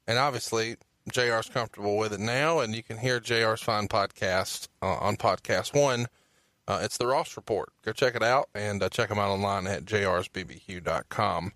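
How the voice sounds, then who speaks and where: A man's voice: fairly low pitch, normal speed, fairly bright tone, no room sound. A man co-hosting a podcast, reading quotes and prompting his partner with questions in a casual chat. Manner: prompting, reads quotes, plugs. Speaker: podcast co-host.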